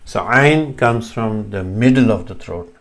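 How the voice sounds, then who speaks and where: This man's voice is on the low side, with lively intonation and an unhurried pace. He slowly teaches Arabic letter sounds, patiently demonstrating each one and correcting himself as he goes.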